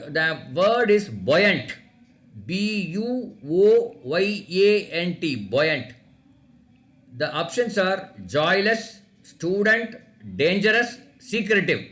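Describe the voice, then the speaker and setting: A man's voice: high-pitched, fairly bright tone. A man running an oral quiz for students, repeating each question and spelling words out letter by letter. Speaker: quiz teacher. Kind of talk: online class quiz, reading questions aloud.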